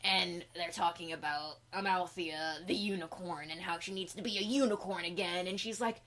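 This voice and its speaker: A woman's voice: fairly low pitch, moderate pace, a bit bright, lightly acted. A woman playing a laid-back male troll clown, recapping a film in slangy, profane rambling. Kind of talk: in-character comedy recap.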